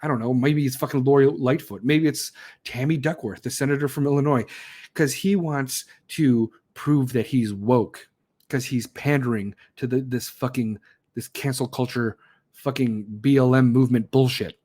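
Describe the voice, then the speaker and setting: A man's voice: mid-range voice, moderate pace, dark tone. A man ranting angrily, swearing nonstop and mocking people in put-on voices as a podcast host. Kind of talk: profane rant.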